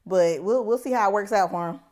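A woman chatting casually about a TV episode, giving relaxed, slangy and opinionated reactions. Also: mid-range voice, a little fast. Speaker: podcast co-host.

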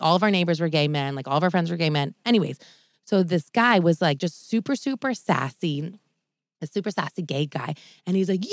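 A woman co-hosting a podcast, telling a story in an animated way with lots of "like" fillers. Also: low voice, no echo, clean studio sound. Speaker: podcast co-host. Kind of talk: casual chat, storytelling.

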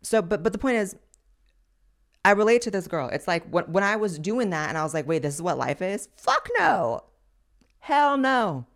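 Sassy, profane woman host, lowish voice. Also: a little fast. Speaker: podcast host. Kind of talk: blunt commentary on social media clips.

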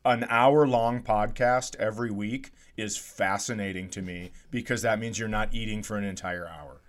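A man co-hosting a podcast, trading sarcastic, teasing and profane banter with his co-host. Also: fairly low pitch.

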